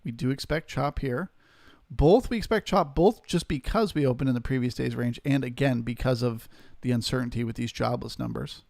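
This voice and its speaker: Guy streaming live trading commentary, gravelly voice, dry close mic, calm analytical. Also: mid-range voice, moderate pace, no room sound. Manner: steady analytical, greets chat viewers.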